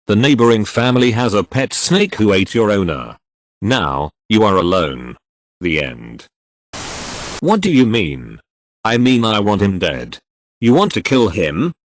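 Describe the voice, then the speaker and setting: Low, lively synthetic male narrator. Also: dry recording, clean studio sound. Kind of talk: reading comedic AI-generated stories.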